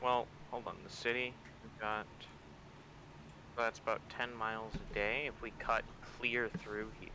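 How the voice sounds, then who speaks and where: A man playing a tabletop game, working out distances and excitedly explaining an accent joke. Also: lowish voice, measured pace, background noise. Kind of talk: casual game chat over voice call.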